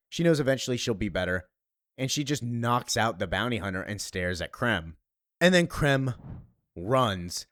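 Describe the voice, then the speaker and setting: A man recapping a comic book story in a casual, animated way. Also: medium pitch, dry recording, studio quality.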